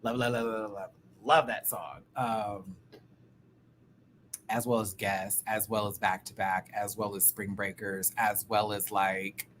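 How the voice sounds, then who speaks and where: A man casually reviewing a show live, animated and campy, often laughing and singing bits. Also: lowish voice, slow pace, a little hiss or hum. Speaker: YouTube reviewer.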